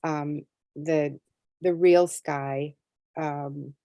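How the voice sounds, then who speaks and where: A woman's voice: low-pitched, fairly even intonation, extremely slow, mellow, no room sound. A middle-aged woman, a tarot artist, telling a story in a casual interview and acting out her own reactions. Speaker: tarot deck artist and guest.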